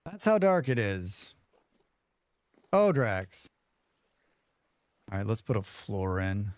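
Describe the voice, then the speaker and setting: Chatty male game streamer, lively pitch. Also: slow pace, no room sound. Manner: chatty, reads chat aloud and hums to himself. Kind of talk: live gameplay commentary.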